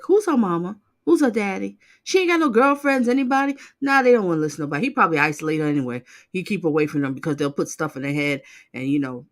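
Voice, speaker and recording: A woman hosting a channel, reacting bluntly and loudly to court clips in casual commentary. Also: low voice. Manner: animated, exclaiming, sassy and blunt.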